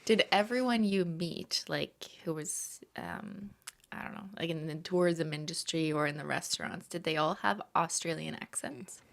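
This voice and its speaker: Low gravelly young woman, playful. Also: normal speed. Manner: curious, playful, giggly. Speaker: podcast co-host. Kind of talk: casual chat.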